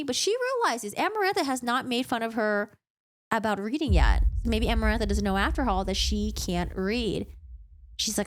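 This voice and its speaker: A woman vlogger giving a casual, dramatic book recap in an animated storytelling manner. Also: fairly high pitch, fairly quick.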